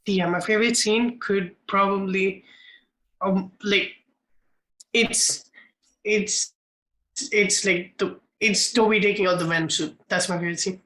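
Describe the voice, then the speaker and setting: A co-host on a casual film podcast, halting and full of restarts, with dry, brief answers. The voice is bright and sharp, and it rings in an echoey room. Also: mid-range voice, steady tone.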